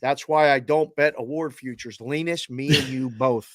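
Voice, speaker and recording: A man's voice: medium pitch, moderate pace, no echo, clean studio sound. Rambling man who talks betting. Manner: rambling, stammering restarts. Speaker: sports betting show co-host, former bookmaker. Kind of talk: casual sports debate.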